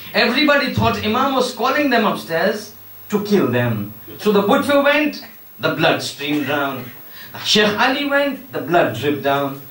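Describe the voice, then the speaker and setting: A man's voice: sits high, a bit bright, slight background noise. A man giving a religious sermon, telling a story with acted-out dialogue and emphatic rhetorical questions. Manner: acts out dialogue, shifts voice for characters, emphatic and rhetorical. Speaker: Shia cleric giving a Muharram lecture. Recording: echoey hall, voice from a distance.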